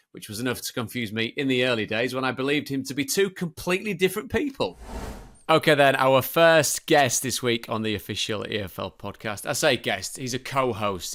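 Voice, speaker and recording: Male podcast host, mid-pitched, playful and wordy. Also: a bit bright. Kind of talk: podcast presenting.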